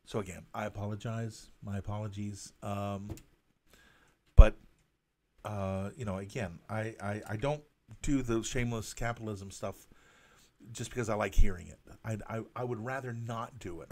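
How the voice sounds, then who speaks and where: Halting, apologetic man streaming live. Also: on the low side, steady tone, warm tone, slight background noise. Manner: halting, stammering, many restarts; earnest, apologetic. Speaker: cartoonist hosting a live drawing stream. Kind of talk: casual live-stream monologue.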